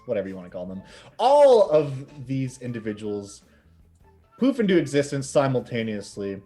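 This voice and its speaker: A man's voice: mid-range voice, darkish tone. A man narrating as game master in a loose, chatty way, with many fillers.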